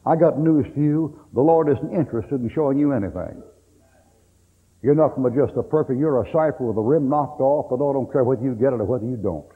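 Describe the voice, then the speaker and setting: A man's voice: mid-range voice, a little fast, slightly rough. A middle-aged man preaching a sermon in a blunt, folksy way, cracking jokes as he goes. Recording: old tape, tinny and echoey hall.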